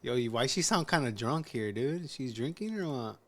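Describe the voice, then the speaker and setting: A man's voice: medium pitch, lively intonation, normal speed. A man reacts to a clip in loose, casual commentary, swearing easily and calling everyone dude and bro. His tone stays laid-back and conversational. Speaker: reaction host.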